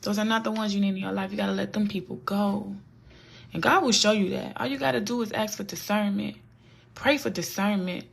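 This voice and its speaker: Husky-voiced woman giving earnest faith talk. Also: medium pitch, steady tone, fairly quick. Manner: earnest, repetitive, preachy. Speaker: vlogger. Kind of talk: casual faith talk to camera.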